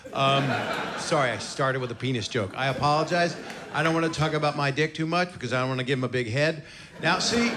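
A man in his sixties doing a stand-up comedy set, brash and self-mocking with crude punchlines, recorded live in a comedy venue. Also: fairly high pitch. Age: 60s. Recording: live club recording with crowd noise. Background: audience laughter and cheering.

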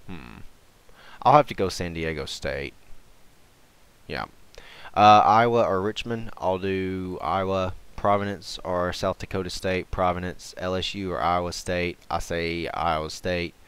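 A man casually talking through his picks out loud, unhurried and hesitant, with many fillers and self-corrections, as a voice-over on a screen recording. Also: low voice, fairly even intonation, clean tone, no room sound. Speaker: gaming and sports channel host. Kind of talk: casual thinking-aloud commentary.

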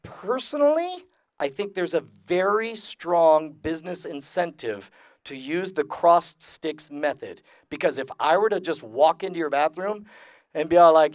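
A male magician lectures live to a convention audience, his voice on the high side and animated though a little slow, with no room sound. His talk is casual, jokey, and profane, full of filler sounds.

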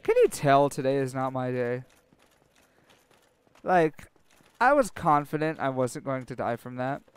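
A young man commentating his own gameplay, sarcastic and self-mocking, swearing freely and panicking out loud when things go wrong. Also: mid-range voice, very animated, a little slow, smooth. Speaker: let's play commentator.

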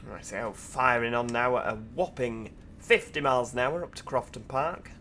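A man's voice: mid-range voice, moderate pace, sharp tone, a little hiss or hum. A tired man, rambling casually in gameplay commentary and making self-deprecating asides. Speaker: train sim video host.

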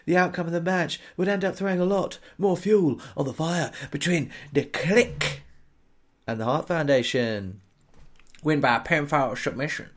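A man casually chatting and joking while playing a wrestling video game, often shouting at the screen. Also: a little high. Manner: excitable, jokey, shouting at the game. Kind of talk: casual let's-play chat.

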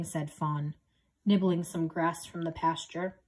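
A woman reading a children's picture book aloud in a gentle, expressive way. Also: sits low, takes it slowly. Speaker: storybook reader.

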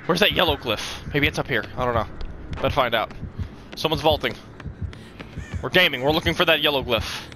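A man giving live gameplay commentary who swears a lot and swings from low mumbles to loud shouts. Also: fairly quick, long pauses, slight background noise. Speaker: gaming streamer.

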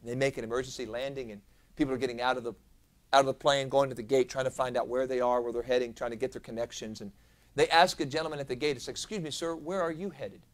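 A man preaching a sermon as pastor, moving from quiet, low lines to loud, emphatic peaks. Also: steady tone, fast. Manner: dynamic preacher, swinging from soft lows to loud emphatic peaks. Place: church sanctuary.

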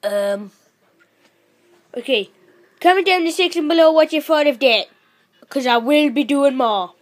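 Excitable high-voiced woman gaming. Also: unhurried. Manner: excitable, bursts into loud exclamations. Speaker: gameplay commentator. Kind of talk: live gameplay commentary. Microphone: phone.

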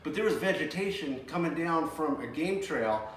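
Excitable man retelling a scare. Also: fairly high pitch, moderate pace. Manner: animated, laughing while retelling a scare. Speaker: treasure hunting team member. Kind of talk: casual recap storytelling. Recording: echoey, distant mic with faint noise.

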